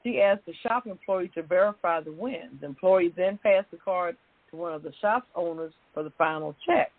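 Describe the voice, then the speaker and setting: Co-host with a husky voice, casual and giggly, on a close, dry phone line. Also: mid-range voice, no echo. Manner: laughs easily, halting with restarts. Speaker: talk show co-host. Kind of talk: casual chat, reading news.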